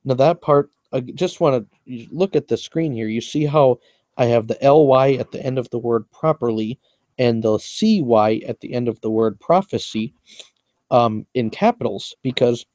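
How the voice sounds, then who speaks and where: Young male rapper, mellow dry voice, boastful and long-winded as he walks through his own lyrics. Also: mid-range voice, moderate pace, dry recording. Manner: boastful, repetitive, explains at length. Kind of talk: casual lyric breakdown monologue.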